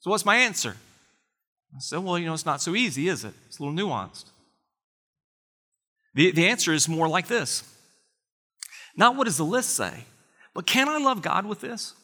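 A pastor delivers a sermon in an earnest, conversational way, leaning on rhetorical questions. His voice is a fairly high, bright, forceful male voice. The sound carries the long reverb of a large church hall. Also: sing-song, moderate pace, long pauses.

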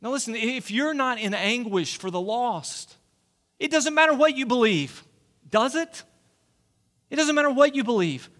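A man's voice: very high voice, lively intonation, moderate pace, fairly bright tone. A man in his forties preaching a sermon in a church, earnest and pleading, often asking the listeners questions. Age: 40s. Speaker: pastor. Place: church sanctuary.

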